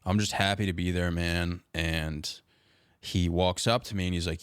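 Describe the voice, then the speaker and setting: A young man with a very deep, low voice tells a story in relaxed, casual chat. He peppers every sentence with "dude" and "like." The sound is dry and close, with no room echo. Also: normal speed, smooth. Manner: laid-back, says "dude" and "like" constantly. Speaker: podcast guest.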